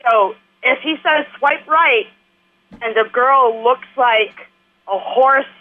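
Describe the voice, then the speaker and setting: A woman with a Long Island accent, bantering and teasing loudly in a casual radio chat. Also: high-pitched, slow pace, phone-quality sound. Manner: loud, laughing, teasing.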